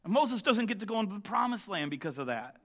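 A man preaching a sermon, telling the story with lively jokes and asides. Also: high-pitched, fast. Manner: animated storytelling, joking asides.

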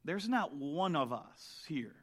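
A man delivers a sermon as animated storytelling with humorous asides. His voice sits high for a man. It has a bright, forward tone. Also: slow. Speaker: preacher.

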